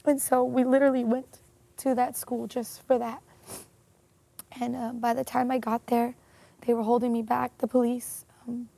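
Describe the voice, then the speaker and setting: A woman telling a painful personal story in an interview, earnest and emotional, with many pauses and fillers. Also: fairly high pitch, vocal fry, mellow. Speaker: interview guest.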